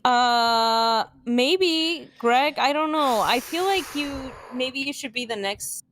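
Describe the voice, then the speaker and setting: A woman's voice: high voice, takes it slowly, a bit bright, slight background noise. A woman chatting on a live stream in a giggly, teasing manner. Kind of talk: casual live stream chat.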